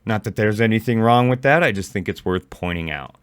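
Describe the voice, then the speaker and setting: An adult male commentary YouTuber rants angrily and profanely in a reaction video, recorded close on a mic with no room sound. His voice is lowish, expressive and brisk, with a clear, resonant tone.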